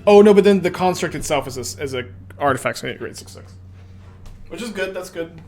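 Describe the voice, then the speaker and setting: A man's voice: fairly high pitch, expressive, quick pace, darkish tone, a little hiss or hum. A man playing an online card game and thinking aloud as he plays, musing, correcting himself and muttering asides.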